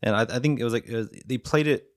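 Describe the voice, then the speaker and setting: A man's voice: mid-range voice, quick pace. A laid-back man co-hosting a podcast in casual conversation. He talks easily and agreeably and laughs often between his points. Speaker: podcast co-host. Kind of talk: casual chat.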